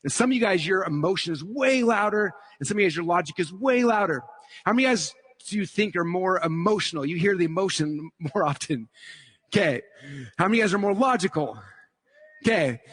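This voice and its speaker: A man giving an energetic motivational talk to a live audience, often checking in with the crowd with "okay?" and "right?". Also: high-pitched, slightly rough, dry recording. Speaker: seminar speaker.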